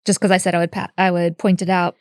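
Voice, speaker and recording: A woman's voice: on the low side, level tone, quick pace, darkish tone, clean tone, no echo, clean studio sound. A middle-aged woman co-hosting a podcast, telling stories in a rambling, casual way full of "like". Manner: rambling, heavy use of "like". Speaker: podcast co-host. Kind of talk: casual chat.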